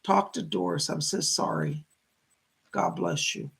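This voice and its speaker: A man's voice: fairly high pitch, steady tone, unhurried, vocal fry, a bit bright, slightly rough. A middle-aged man hosting a live stream of psychic readings, gushing as he thanks viewers by name. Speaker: psychic medium host.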